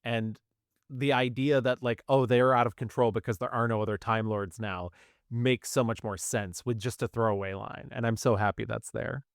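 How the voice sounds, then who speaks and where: Low-pitched podcast guest, dry close sound. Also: fairly even intonation, moderate pace, no echo. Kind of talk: casual podcast discussion.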